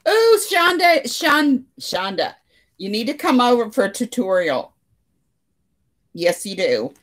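Chatty lady doing a crochet livestream at home, talks slow and easy, laughs a lot. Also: on the high side, very animated. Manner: chatty, reads out comments, frequent laughter. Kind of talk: casual chat with live viewers. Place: living room at home.

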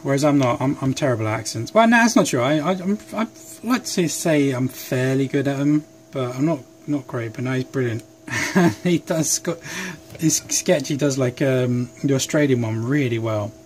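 A man's voice: medium pitch, normal speed, a little hiss or hum. A young man chatting casually and rambling while he works at his bench, recorded on a phone, a little sleep deprived. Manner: rambling, chatty, self-deprecating. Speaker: hobby craft vlogger. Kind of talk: casual chat while working. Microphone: phone camera.

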